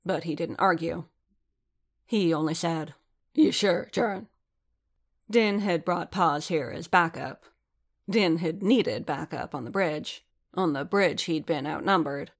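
A woman reading a story aloud as narrator, in an even, steady storytelling manner. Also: deep voice, measured pace. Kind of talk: fan fiction reading aloud.

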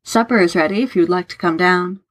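A woman voicing an earnest, apologetic man of a past era, speaking in a formal, soft-spoken way. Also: lowish voice, fast talker, no room sound, close to an everyday voice. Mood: polite.

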